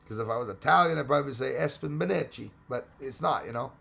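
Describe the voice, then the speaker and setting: A man hosting a casual livestream, reading out chat names and greetings, his voice going hoarse and rambling between English, French and Spanish. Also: medium pitch, quick pace, pushed and bright. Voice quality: gravelly, hoarse voice. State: losing his voice.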